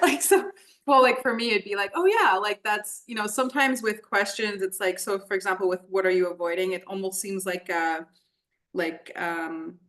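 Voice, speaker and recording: Woman podcast host, relaxed, hesitant, laughs easily. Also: medium pitch. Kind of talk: casual chat.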